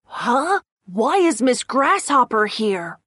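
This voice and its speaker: A high, lively voice of a stern big ant brother, put on by a woman. He scolds sharply and speaks slowly, with a bouncing tone. It is a children's storybook in a dry studio. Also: breathy edge, dry recording, heavily acted. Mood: puzzled.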